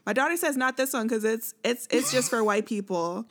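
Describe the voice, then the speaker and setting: Woman, casual chat, blunt, swears, laughs a lot, slightly high voice. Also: moderate pace, fairly bright tone, slight background noise. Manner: blunt, profane, laughs often, mimics people. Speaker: podcast co-host.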